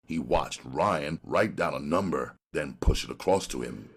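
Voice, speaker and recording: Guy reading a crime audiobook, lively up and down delivery, gravelly. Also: extremely low pitch, a little slow. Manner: expressive storytelling. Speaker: audiobook narrator. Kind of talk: audiobook narration.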